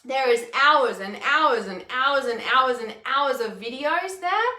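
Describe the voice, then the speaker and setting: A woman's voice: high voice, animated, measured pace, pushed and bright, echoey room. A woman in her thirties chatting casually on a livestream as a healer and mentor, candid, laughing often and swearing freely. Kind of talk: casual livestream chat reading comments.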